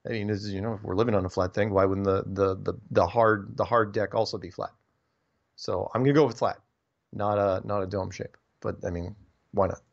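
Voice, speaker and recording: A low-pitched man talks casually through listener mail, rambling and tripping over repeated words. The recording is dull and lo-fi, with the top end rolled off. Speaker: radio show host reading listener emails. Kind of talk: casual radio talk.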